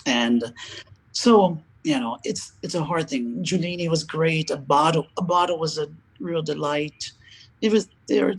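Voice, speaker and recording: A man's voice: fairly high pitch, a little slow, breathy edge, rough recording. Older male opera singer telling stories. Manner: animated storyteller, acts out quoted dialogue, laughs often. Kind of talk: casual interview chat.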